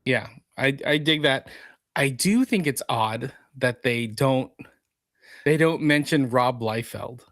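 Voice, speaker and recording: A man's voice: mid-range voice, takes it slowly, fairly bright tone, no echo. A man co-hosting a geek culture podcast, chatting casually and reading news items aloud. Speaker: podcast co-host. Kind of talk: casual chat.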